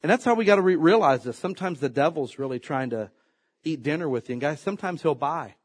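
A man's voice: on the high side, quick pace. A man preaching a sermon in a folksy, joking way, acting out quotes as he tells stories. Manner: folksy, joking, animated storytelling with acted quotes. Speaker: pastor.

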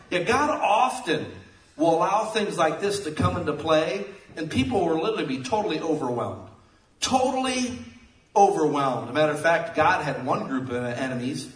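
A man preaching a sermon, telling jokey stories with sudden loud outbursts. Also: fairly high pitch, animated, moderate pace, a little hiss or hum. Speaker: pastor. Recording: echoey room, mic at a distance.

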